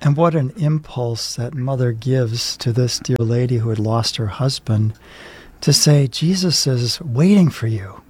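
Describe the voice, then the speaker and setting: Man, co-host, mellow voice, reflective, studio talk. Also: mid-range voice. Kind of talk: studio talk show discussion.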